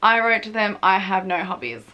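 A woman's voice: mid-range voice, animated, normal speed, dull audio. A young woman in her twenties giving casual, self-mocking advice in a chatty vlog, swearing freely and laughing often. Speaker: vlogger, former reality show contestant.

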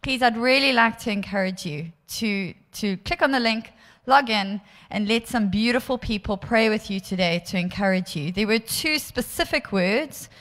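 A woman with a South African accent giving gentle, encouraging closing announcements at church, sometimes hesitant. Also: medium pitch, normal speed. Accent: South African English. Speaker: church leader making announcements. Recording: long hall reverb.

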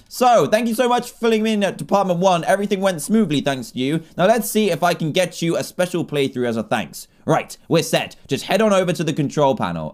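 Young guy doing game commentary, hyped and goofy, laughs a lot, normal pitch. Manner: excitable, jokey, often laughing and yelling. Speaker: gaming video creator. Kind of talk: Minecraft let's play commentary.

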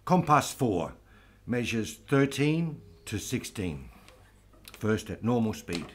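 A man teaching flamenco guitar, explaining strumming patterns slowly and patiently. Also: lowish voice, very animated, breathy edge. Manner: slow, patient, counts aloud over playing. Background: flamenco guitar playing.

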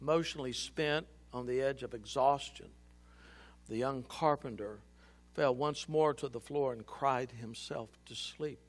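A male pastor reading scripture and a book aloud dramatically in a church, swinging between loud and hushed. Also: medium pitch, unhurried. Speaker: senior pastor. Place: church sanctuary.

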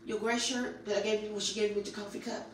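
An older woman, the vlogger's mother, talking loudly and bluntly, so that she sounds angry when she is not. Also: mid-range voice, flat delivery, fast talker, slight background noise. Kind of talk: casual family banter. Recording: distant voice in an echoey room.

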